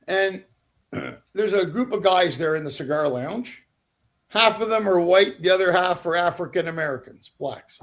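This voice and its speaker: Gravelly high-voiced Canadian comic storyteller. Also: male voice, moderate pace. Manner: animated, profane anecdotes with acted-out voices. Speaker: guest comedian. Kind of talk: storytelling podcast chat.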